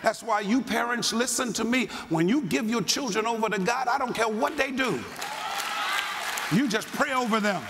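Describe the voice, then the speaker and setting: An older man preaching a sermon as pastor, swinging between quiet storytelling and shouted fervor. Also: extremely high pitch, moderate pace, crowd noise, noisy background. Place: large church hall. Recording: long hall reverb with congregation.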